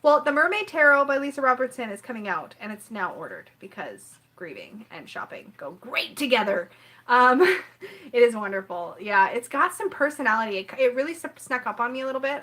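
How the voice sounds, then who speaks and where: A woman tarot reader hosting a casual live stream from home, rambling, apologetic and clearing her throat now and then as she chats with viewers. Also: a little high, sing-song, brisk, bright, forceful tone.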